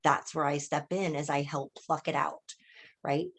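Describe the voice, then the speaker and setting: Animated woman coach telling stories. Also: low voice, a little slow. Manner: animated storyteller, often asks "right?" and acts out quoted voices. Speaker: coach and healer. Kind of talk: casual group coaching chat on a video call.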